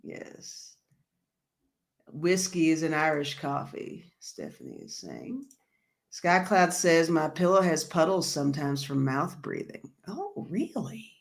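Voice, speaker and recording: A woman's voice: low voice, very animated, slow pace, vocal fry. A woman hosting a casual livestream, reading viewer comments aloud and laughing along in a chatty way. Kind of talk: casual live-stream chat.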